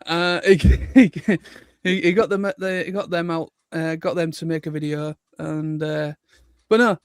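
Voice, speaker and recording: An English man co-hosts a casual livestream chat, rambling earnestly with lots of fillers. His voice sits high, and the sound is dry and close. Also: flat delivery, unhurried, smooth, no room sound. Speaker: livestream co-host.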